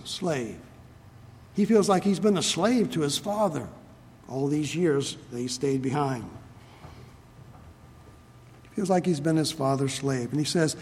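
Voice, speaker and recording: A man delivers an expository sermon, reading verses and then unpacking them with earnest emphasis. His voice sits a little high. It carries a long reverb from a large hall. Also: a little mellow. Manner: earnest, emphatic, slows on key phrases. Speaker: preacher.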